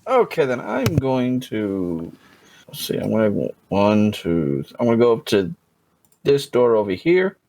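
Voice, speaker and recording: A man's voice: on the low side, wildly swooping pitch, a little slow, a little mellow. A man playing a tabletop game on a voice call, rambling and stopping himself mid-thought. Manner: rambling, self-interrupting. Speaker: player. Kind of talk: casual tabletop chat.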